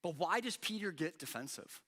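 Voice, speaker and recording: Male pastor, higher-pitched and bright, animated sermon delivery with dramatized quotes. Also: normal speed. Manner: animated, acts out quoted lines with rising intensity. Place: church.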